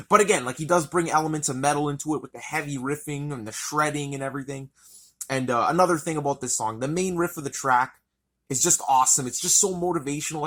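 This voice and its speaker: A man's voice: fairly high pitch, fairly bright tone. A man reviewing an album in a casual, rambling, enthusiastic way, swearing often.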